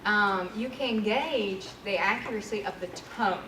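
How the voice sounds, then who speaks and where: A woman's voice: medium pitch, measured pace. Woman, trainer, candid workshop talk, far-off mic, roomy echo. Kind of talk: workshop presentation. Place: training room. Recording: echoey room from far off with noise.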